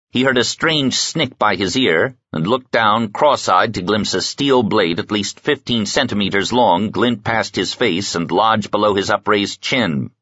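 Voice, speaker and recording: A man narrating an audiobook in a steady, measured storytelling voice. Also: fairly low pitch, husky, no room sound, muffled recording. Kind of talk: scripted narration.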